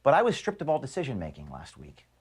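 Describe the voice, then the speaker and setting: A man, the founder of an organization, reading an earnest, measured video statement to his staff from his office. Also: mid-range voice, huge pitch swings, slightly rough. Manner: earnest, measured, grievance-laden. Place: office at headquarters.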